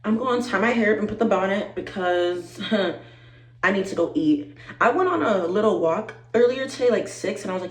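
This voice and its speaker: A woman in her twenties chatting to camera, animated and talkative, calling her viewers y'all and growing teary-eyed. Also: mid-range voice, fast talker, echoey room, rough recording. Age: 20s. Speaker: vlogger. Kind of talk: casual chat to camera.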